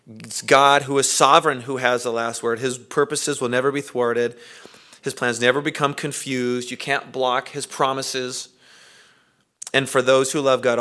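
A man preaching a sermon, earnest, asking rhetorical questions and swinging between loud emphasis and quiet. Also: mid-range voice. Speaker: pastor.

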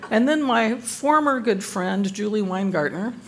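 A woman's voice: medium pitch, lively intonation, measured pace, noisy background. An older woman teaching a Bible study group, giving a devotional talk with self-deprecating humor.

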